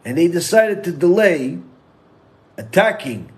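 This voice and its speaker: A man preaching as a rabbi, reciting a psalm in fast Hebrew and then slowly in English, and telling a joke with lively put-on voices. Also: high-pitched. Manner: animated storytelling, acts out characters in a joke. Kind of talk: sermon.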